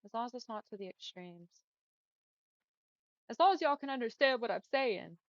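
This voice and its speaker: A woman's voice: a little high, animated, moderate pace, dry recording, dull audio. A young woman with a Texan accent chatting casually with her viewers while she streams a game, saying "y'all" and "like" a lot. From Texas. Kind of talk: casual chat while gaming.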